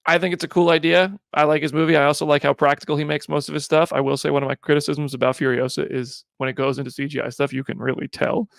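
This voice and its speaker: Fast-talking gravelly man hosting. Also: a little high, little pitch movement, no room sound, studio quality. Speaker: podcast host. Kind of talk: casual chat.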